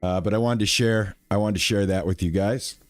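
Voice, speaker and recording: A man chatting casually on a live stream, relaxed and thankful, with lots of fillers and restarts. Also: lowish voice, a little fast, faint music behind.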